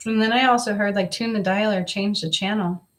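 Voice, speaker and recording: A woman's voice: medium pitch, steady tone, a little fast, fairly bright tone. A woman doing a live psychic reading, her voice in a middle register. She coaxes and repeats phrases as she tunes in. A faint hiss and the odd click sit under the voice. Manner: repetitive, intuitive, coaxing, repeats phrases. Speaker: psychic reader.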